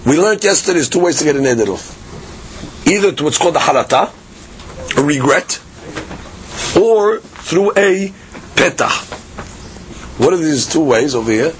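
A man giving a daily Talmud lesson, explaining in a lively conversational way with many fillers and restarts. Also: fairly high pitch, normal speed, pauses often, a little hiss or hum. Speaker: Talmud teacher.

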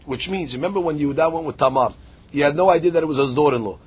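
A man gives a daily Talmud lesson in a husky, breathy voice that sits a little high. He works through each point step by step, with fillers and restarts, and climbs to emphatic peaks. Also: very fast. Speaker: Talmud teacher. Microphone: podcast recording.

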